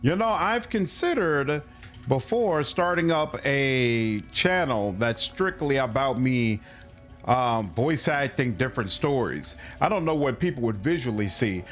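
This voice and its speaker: A man's voice: medium pitch, expressive, unhurried, a bit bright. Laid-back man streaming a game. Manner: laid-back, muses aloud, reads game text. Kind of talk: casual gaming commentary. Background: faint game music.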